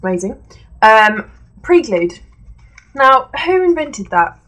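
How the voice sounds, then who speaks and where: A woman's voice: fairly high pitch, very animated, slow pace, fairly bright tone, faint music behind. A young woman chatting casually through a beauty product review, rambling with fillers and self-corrections while seated indoors. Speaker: beauty vlogger. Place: indoors at home, seated on a creaky chair.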